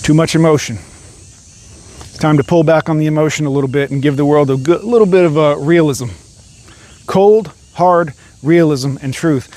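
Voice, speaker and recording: A man's voice: a little high, normal speed, a little mellow. A man delivering an angry, profanity-laden rant straight to camera as a vlogger. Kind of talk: ranting monologue.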